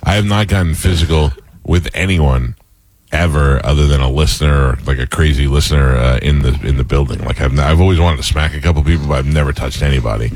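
A man hosting a casual talk show, telling animated stories with laughter. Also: extremely low pitch, fast, no room sound. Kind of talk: casual storytelling chat.

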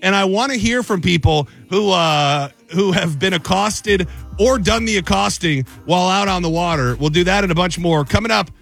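A man's voice: sits high, creaky, fairly bright tone, faint music behind. A male radio host joking through casual banter with callers and a co-host. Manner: wry, joking, quick asides.

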